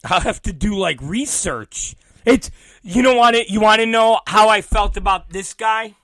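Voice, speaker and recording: A man hosting his own talk show, ranting and storytelling with heavy swearing, swinging between loud outbursts and muttered asides, often laughing. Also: high-pitched, a little slow, no room sound. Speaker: podcast host. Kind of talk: profane comedic ranting.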